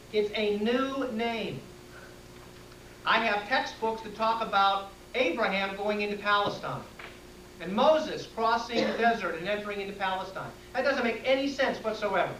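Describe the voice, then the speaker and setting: A man's voice: high-pitched, a bit bright, distant mic. A man giving a classroom lecture and answering questions from the audience in a plain, direct way. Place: lecture room. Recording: echoey room taped from afar, faint hiss.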